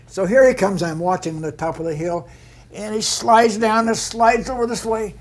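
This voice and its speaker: Older male storyteller, slightly higher voice, animated anecdotes, plays every character in his stories, laughs a lot. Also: moderate pace. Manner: animated yarn-spinner, mimics others in quotes, laughs often. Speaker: veteran stunt performer.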